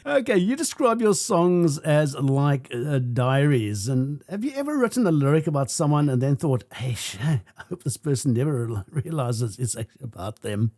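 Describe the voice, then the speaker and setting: A man's voice: medium pitch, sing-song, moderate pace, few pauses, a little mellow, dry recording, studio quality. Playful South African radio host man. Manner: playful, teasing questions. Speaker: radio breakfast show host. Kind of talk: radio interview. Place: radio studio.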